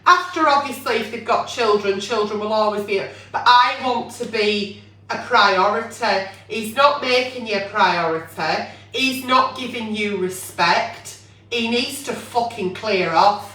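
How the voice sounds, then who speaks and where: A woman's voice: medium pitch, a little slow, sharp tone, distant mic. Blunt, sweary woman. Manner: blunt, sweary, fires rhetorical questions. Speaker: advice show host. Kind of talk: late-night advice chat. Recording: echoey room, away from mic.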